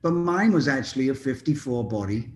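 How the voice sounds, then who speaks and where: A man's voice: mid-range voice, lively intonation, brisk, a little mellow, soft background music. An older man, a musician guest, telling long anecdotes in a casual interview, rambling with frequent ums and restarts.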